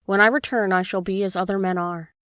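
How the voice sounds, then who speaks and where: A woman's voice: mid-range voice, fairly even intonation, a little fast, fairly bright tone, no room sound, clean studio sound, close to an everyday voice. A woman reading the lines of a cheerful straw man who speaks eagerly and earnestly.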